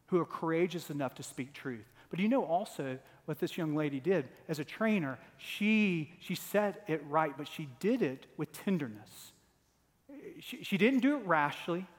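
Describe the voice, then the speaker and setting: A man in his forties preaching a sermon as pastor, earnest, building to emphatic repeated phrases. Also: fairly high pitch. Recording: long hall reverb.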